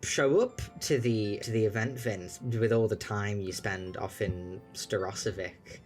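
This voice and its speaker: A man doing a breezy, evasive society woman, quick talker, light music behind. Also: on the low side, natural voice.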